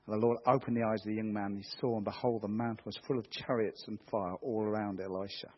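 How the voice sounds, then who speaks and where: A man's voice: fairly low pitch, steady tone, quick pace, slightly rough. A middle-aged man preaching a sermon in a church, earnest and rousing as he quotes scripture. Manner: earnest, rousing, quoting scripture with rising force. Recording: dull muffled church recording.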